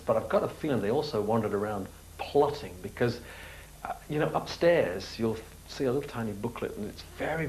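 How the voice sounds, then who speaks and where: A man's voice: medium pitch, darkish tone, slight background noise, rough recording. A man presenting a travel show, chatty and enthusiastic as he narrates and talks with people.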